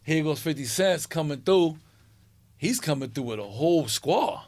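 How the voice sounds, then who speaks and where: With a voice on the high side and a moderate pace, free of echo, a male interview guest casually spins stories. He swears a lot and brings his characters to life by imitating their voices in a streetwise, animated way.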